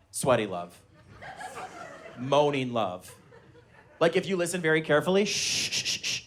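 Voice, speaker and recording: A man in his thirties doing a high-energy stand-up comedy set on a live stage, shouting his punchlines. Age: 30s. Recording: live room with audience laughter.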